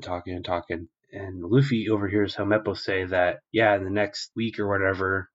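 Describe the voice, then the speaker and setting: Low-voiced man rambling through a casual recap. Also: highs cut off. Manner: loose, profane, rambling with many fillers. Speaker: podcast co-host.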